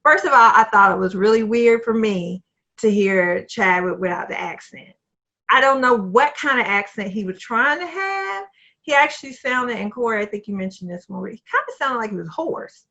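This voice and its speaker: A woman's voice: on the high side, lively intonation, normal speed, pushed and bright, highs cut off. A woman co-hosting a podcast, chatting casually about a movie and laughing easily over a video call. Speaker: podcast co-host. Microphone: home computer mic on a video call.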